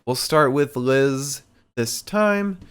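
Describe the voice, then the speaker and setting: A man's voice: mid-range voice, lively intonation, drawn-out words, fairly bright tone, smooth. Laid-back young man hosting a livestream. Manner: laughs easily, talks to the chat, loose and playful. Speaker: podcast host. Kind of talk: casual livestream podcast hosting.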